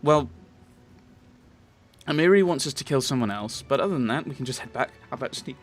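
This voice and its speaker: A man's voice: mid-range voice, animated, fairly quick, soft background music. A man casually commentating his game playthrough, rambling with lots of restarts. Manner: rambling, chatty, many fillers and restarts. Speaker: let's play host.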